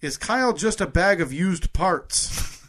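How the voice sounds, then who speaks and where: A man's voice: sits high, lively intonation, slow pace, a bit bright. A man co-hosting a podcast in casual chat, reading out poll results and laughing easily. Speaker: podcast co-host.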